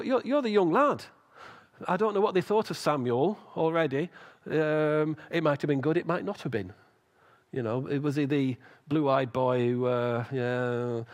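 A man preaching a sermon, retelling a story with lively acted-out voices. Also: mid-range voice. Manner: animated storytelling with acted quotes.

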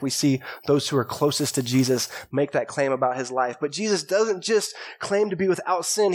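A male pastor giving a sermon, telling stories from the Bible in a relaxed, chatty way. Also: on the high side. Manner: conversational storytelling preaching. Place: church.

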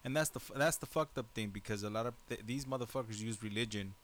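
A man's voice: on the low side, fast, fairly bright tone, a little hiss or hum. A man co-hosting a talk radio show, speaking bluntly and swearing heavily as he rants. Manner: blunt, profane ranting. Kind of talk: casual chat.

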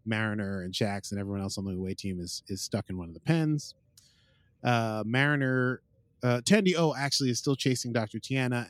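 A man's voice: mid-range voice, no room sound. Rambling man recapping an episode. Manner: rambling, fills gaps with uh and like, quotes characters. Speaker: podcast host.

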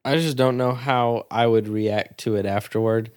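A man's voice: mid-range voice, fairly even intonation, normal speed, clean tone. A man co-hosting a casual movie-chat podcast, blunt and full of crude jokes, often talking over his partner. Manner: blunt, crude joking, talks over others. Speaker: podcast co-host.

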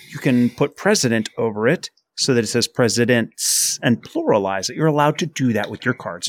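A man's voice: mid-range voice, no echo. A man hosting a casual podcast chat, steering the conversation. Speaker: podcast host.

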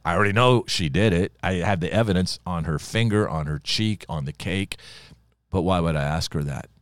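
Low-pitched and speaking at normal speed, this older man is a pastor giving Bible teaching on a podcast. The recording has no echo, and his folksy, chatty preaching leans on personal anecdotes.

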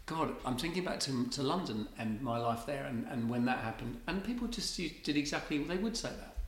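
A man interviewing a guest, engaged and quick to agree. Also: mid-range voice, animated. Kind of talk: conversational interview. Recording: roomy echo with faint background noise.

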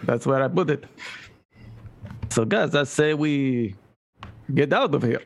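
Slow-talking playful man at the game table. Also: mid-range voice, lively intonation, gravelly. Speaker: player. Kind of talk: casual chat, playing a character in a tabletop game.

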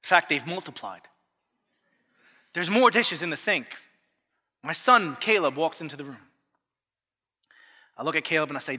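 Animated, bright-voiced pastor in an echoing hall. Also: male voice, fairly high pitch, normal speed, long pauses. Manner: animated storytelling, acting out family dialogue. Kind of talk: sermon. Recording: long echo of a large hall.

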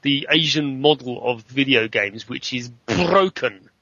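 A man on a gaming podcast panel, talking in animated, emphatic complaint. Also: mid-range voice, a little slow, husky, dry recording, dull audio. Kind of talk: casual chat.

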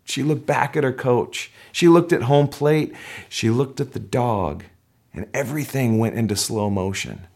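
A middle-aged male pastor giving a sermon, telling a story with animated delivery and shouting out the crowd's cheers. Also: fairly low pitch.

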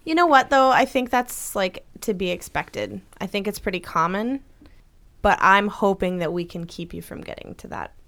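A woman's voice: mid-range voice, moderate pace, a bit bright. A woman co-hosting a podcast, talking earnestly and reassuringly with a partner, often restarting her thoughts. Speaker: podcast co-host, supporting partner. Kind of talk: casual chat.

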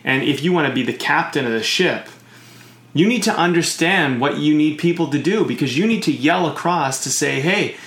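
A man's voice: a little high, moderate pace, fairly bright tone, roomy sound. Rambling man in casual chat. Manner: rambling, uses sailing comparisons, many fillers.

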